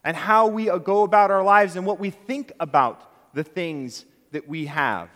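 A man's voice: sits high, a little slow, fairly bright tone. A male pastor preaching a sermon in a church sanctuary, conversational and self-deprecating. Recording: long reverb of a large hall.

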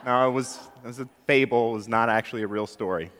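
A man's voice: medium pitch, quick pace, a bit bright. A male pastor preaching a sermon in a church sanctuary, conversational and self-deprecating. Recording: long reverb of a large hall.

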